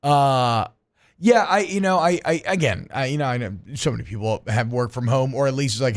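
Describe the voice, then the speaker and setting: A man's voice: medium pitch, a little fast. A man hosting a sports radio show in a studio, chatting casually with many restarts and jokes. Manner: rambling, jokey, many restarts.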